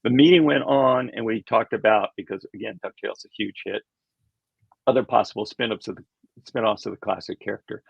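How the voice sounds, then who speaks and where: A man's voice: lowish voice, fairly quick, creaky, husky, dry recording. An older man, an animation creator, telling rambling anecdotes in a casual interview, chuckling and acting out quoted voices. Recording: dull lo-fi sound.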